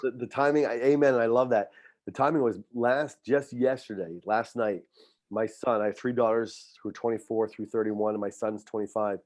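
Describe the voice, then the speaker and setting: Middle-aged coach, earnest and heartfelt, mid-pitched, dry close sound. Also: male voice, steady tone, moderate pace, darkish tone, dry recording. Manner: heartfelt, faith-filled, repeats words when moved. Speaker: high school football coach and teacher. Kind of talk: emotional podcast interview.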